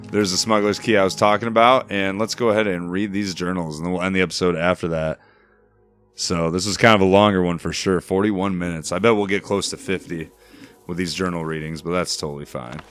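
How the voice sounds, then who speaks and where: Deep-voiced laid-back male gamer. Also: a little fast, fairly bright tone, faint music behind. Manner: laid-back, mumbling, self-deprecating asides. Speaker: gameplay commentator. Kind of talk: casual game walkthrough commentary.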